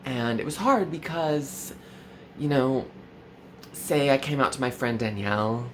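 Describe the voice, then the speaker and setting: A man in his twenties doing a mock-earnest parody vlog, full of valley-girl fillers and sudden swoops in pitch. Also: measured pace, slight background noise. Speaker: comedy vlogger.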